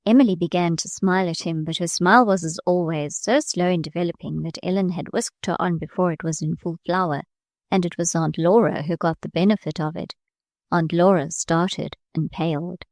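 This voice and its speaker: A woman with a low, gravelly voice reads a classic novel aloud in a measured, steady way. The sound is dry and close, with no room around it. She lifts her pitch a little when quoting characters. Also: no room sound. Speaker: audiobook narrator. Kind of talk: scripted narration of a classic novel.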